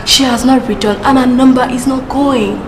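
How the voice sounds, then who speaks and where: A woman's voice: high voice, fairly even intonation, normal speed, background noise, lightly acted. An actress with a Nigerian accent playing a worried young woman who explains herself in an earnest, insistent way. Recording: echoey room with loud music.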